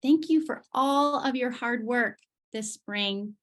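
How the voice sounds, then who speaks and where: A woman clinician presenting certificates at a virtual ceremony, praising children in a slow, encouraging way over a video call. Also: a little high.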